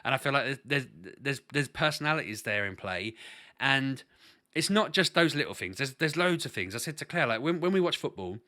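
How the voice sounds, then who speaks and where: A man vlogging as a parent, talking earnestly in a loose, rambling way. His voice is bright and tense, and he keeps restarting his sentences. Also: medium pitch, lively intonation, fairly quick. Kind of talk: casual chat to camera.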